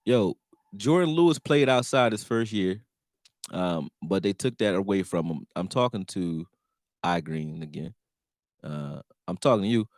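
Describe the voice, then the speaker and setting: A man talking casually on a sports live stream, profane and animated, answering his chat. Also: sits low, unhurried, no room sound, clean studio sound.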